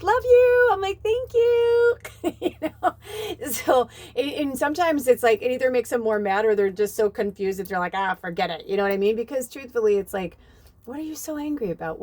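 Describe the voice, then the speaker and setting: A woman's voice: mid-range voice, a little mellow. A woman giving a casual channeled spiritual reading, chatty and rambling with many fillers, talking outdoors at night. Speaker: tarot reader.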